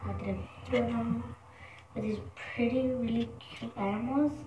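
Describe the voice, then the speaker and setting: Chatty high-voiced woman vlogging. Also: measured pace, reverberant, distant mic, background noise. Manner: chatty, excitable, squeamish exclamations. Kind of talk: casual vlog chat.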